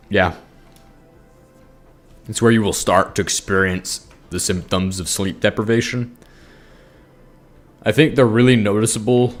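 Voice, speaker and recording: A sleep-deprived man rambling goofily and mocking himself while commenting on a game. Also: low-pitched. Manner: goofy, rambling, self-mocking. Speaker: Minecraft gaming YouTuber. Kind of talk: rambling casual commentary over gameplay.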